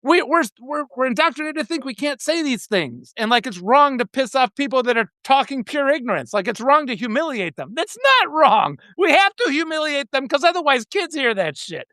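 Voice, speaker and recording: A man's voice: very high-pitched, big pitch swings, brisk, few pauses, bright, forceful tone, no room sound, clean studio sound. A man hosting a casual live video chat, telling stories in an emotional, rambling way. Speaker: host.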